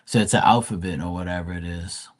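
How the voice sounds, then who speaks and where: A man with a lowish voice hosts a live tarot stream. He reads the card text out slowly, then rambles about it in a loose, offhand way full of "you know" and "like.". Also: steady tone. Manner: casual, rambling with many fillers. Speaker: tarot reader.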